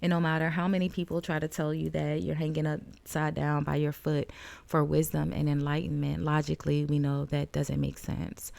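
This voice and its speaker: Low, gravelly-voiced woman reading tarot. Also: monotone, moderate pace, darkish tone. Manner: chatty, laughs often, calls the viewer "friend". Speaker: tarot reader. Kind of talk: casual tarot card reading to camera.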